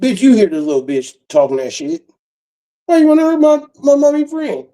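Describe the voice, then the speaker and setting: A man voicing an angry young mother, shrill and indignant, pitched well above his own voice. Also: wildly swooping pitch, fairly quick, distant mic, heavily acted. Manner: high-pitched, indignant shouting.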